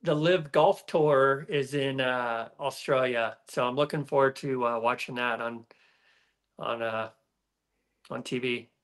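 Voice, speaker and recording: A middle-aged man, a former racer, chatting as a podcast guest in a relaxed, rambling way with many fillers. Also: medium pitch, measured pace. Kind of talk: casual podcast conversation.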